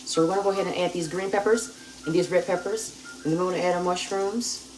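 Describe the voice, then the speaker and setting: A woman's voice: lowish voice, fairly even intonation, fast talker. A woman hosting a live cooking stream from her home kitchen, chatting with her viewers as she cooks. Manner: chatty, talks straight to viewers. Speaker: cooking show host. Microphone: phone camera at a distance. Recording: echoey kitchen, mic far off, sizzling pan. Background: frying and sizzling food.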